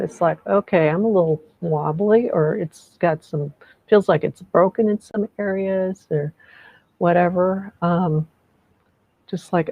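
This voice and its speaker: A woman leading a group energy clearing over a video call, speaking softly and encouragingly, meandering with frequent restarts. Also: on the low side, muffled recording.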